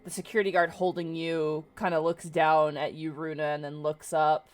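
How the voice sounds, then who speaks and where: A woman's voice: deep voice, flat delivery, moderate pace, few pauses, faint music behind. A woman running a tabletop game as game master, narrating in a chatty way full of "kinda" and "like".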